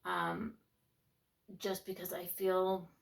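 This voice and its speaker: A woman's voice: on the low side, completely flat delivery, slow. A woman in her twenties giving an earnest, reflective personal testimony in a vlog, sometimes dropping to a near-whisper. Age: 20s. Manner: earnest and reflective, with frequent restarts; heartfelt, drops to near-whispers for inner thoughts. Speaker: faith vlogger.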